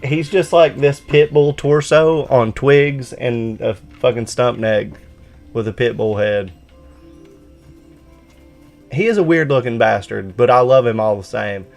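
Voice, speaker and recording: A man's voice: mid-range voice, fairly even intonation, a little slow, gravelly, faint music behind. A man hosting a gaming live stream, bantering casually and swearing freely. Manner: profane, laid-back banter. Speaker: streamer host.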